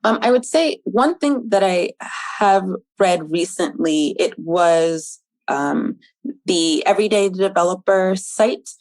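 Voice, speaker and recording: Low-pitched woman on a podcast, measured answers, lots of ums, dry sound. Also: lively intonation, a little mellow, no echo, rough recording. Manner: thoughtful, measured, with frequent ums. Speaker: podcast guest, documentation manager.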